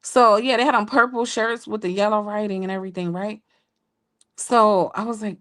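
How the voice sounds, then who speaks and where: A woman co-hosting a show, telling a story in a casual, playful way with laughing asides to listeners. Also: normal speed. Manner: animated, jumps high when quoting people. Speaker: podcast co-host telling a story.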